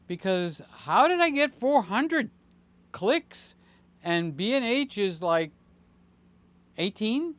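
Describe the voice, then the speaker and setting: A man in his late sixties hosting a casual livestream, chatting in a rambling, jokey way with many fillers and sudden excited jumps. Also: high-pitched, slow, long pauses, dry recording. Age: 60s. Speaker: channel host.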